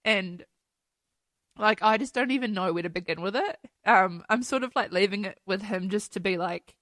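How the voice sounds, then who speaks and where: A woman's voice: mid-range voice, normal speed, fairly bright tone, no echo. Woman, solo podcast host; open-hearted, giggly, swears freely, dry close sound. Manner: candid and emotional, laughs often, swears casually. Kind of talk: casual solo podcast chat. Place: New Zealand home.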